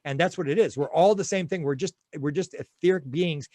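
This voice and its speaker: A man's voice: a little high, a little fast, warm tone, no echo. A man being interviewed, telling stories in a rambling way with many restarts. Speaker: interview guest. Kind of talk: conversational interview.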